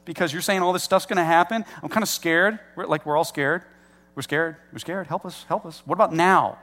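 A man's voice: on the high side, brisk, a bit bright, big-room sound, pitched above the performer's own voice, close to an everyday voice. A frightened young disciple, as a preacher puts him on, pleading over and over in a lifted, slightly raised voice. He sounds anxious and keeps circling back to the same plea. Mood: scared, pleading.

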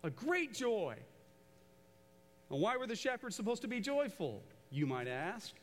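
Man, pastor, sermon, high-pitched, conversational, long reverb. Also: fairly quick. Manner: animated, conversational preaching with call-and-response. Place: large church auditorium.

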